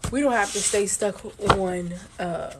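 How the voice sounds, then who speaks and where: A woman's voice: medium pitch, unhurried, very noisy. Blunt, cursing woman fighting a cough. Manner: blunt, profane, emphatic, repeats her points. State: holding back a cough, sore throat. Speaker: live-streaming card reader. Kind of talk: casual live stream talk to viewers.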